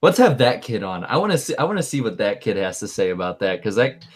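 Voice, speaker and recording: Low-voiced young man chatting animatedly. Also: fast talker, a little hiss or hum. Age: young adult. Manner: animated, rambling, repeats words when excited. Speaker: podcast co-host. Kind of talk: casual chat.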